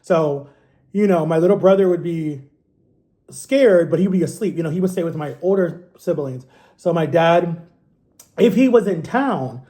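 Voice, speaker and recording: A man in his thirties tells a story casually. His voice sits high but has a mellow, dark tone. He keeps it animated and jumps up in pitch to act out what people said. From Ohio, USA. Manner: animated, acts out quotes in a higher voice. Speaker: vlogger.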